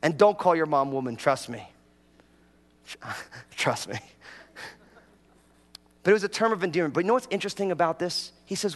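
Animated high-voiced man preaching in a hall. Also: normal speed, long pauses. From New York. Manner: animated storytelling, acts out prayers in a raised voice. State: a bit dehydrated after travel. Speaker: pastor. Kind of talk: humorous sermon. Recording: hall reverb.

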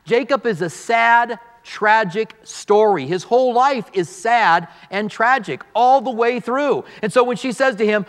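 A man pastor preaching a verse-by-verse sermon, telling the story with animated delivery and acting out the dialogue. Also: high voice, a little slow, few pauses, in a large hall.

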